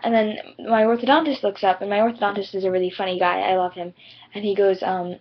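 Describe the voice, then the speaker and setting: A teenage girl vlogging to camera tells a story at a quick pace, her medium-pitched voice steady. She rambles in a chatty way packed with "like" and "you know," and the webcam audio sounds dull and lo-fi.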